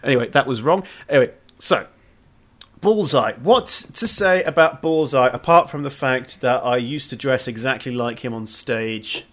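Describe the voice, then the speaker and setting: A man's voice: medium pitch, moderate pace, a bit bright. A man co-hosting a casual podcast, reading plot summaries aloud and breaking off for jokey asides. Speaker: podcast co-host. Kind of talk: casual movie recap chat.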